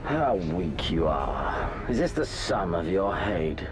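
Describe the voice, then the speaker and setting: An actor playing an arrogant, bloodthirsty warlord prince who is bored by weak foes. He speaks slowly and with contempt in a video game cutscene. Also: sits low, very animated, exaggerated voice. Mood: contemptuous. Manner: haughty, slow and contemptuous. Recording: game music under the voice.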